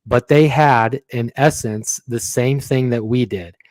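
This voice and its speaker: A man reading the part of a police detective giving courtroom testimony in formal, measured, apologetic answers. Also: mid-range voice, darkish tone, no echo, lightly acted. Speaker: reader in a transcript read-through.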